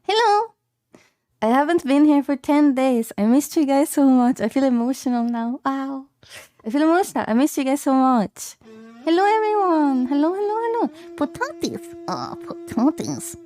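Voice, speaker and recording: A woman's voice: high-pitched, expressive, moderate pace, mellow, no echo. A woman livestreaming from home, chatting casually with her viewers in a bubbly, giggly way, repeating greetings playfully.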